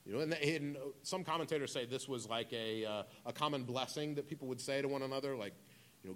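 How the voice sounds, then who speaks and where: A man's voice: medium pitch, fairly quick. A man in his thirties preaching a conversational sermon, with humorous asides and casual phrasing. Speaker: pastor.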